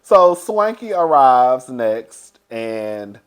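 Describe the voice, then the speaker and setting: Smooth and mid-range, his voice swings widely in pitch as he draws out his words. He chats casually as a show reviewer, spilling gossip in a recap, addressing listeners as "girl" and laughing frequently.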